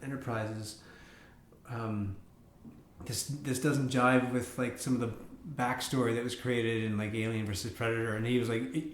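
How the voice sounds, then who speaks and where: A man's voice: mid-range voice, level tone, normal speed, slight background noise. A man chatting loosely on a film podcast, rambling and hesitant with many fillers. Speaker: podcast co-host. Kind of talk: casual film review chat. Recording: echoey room.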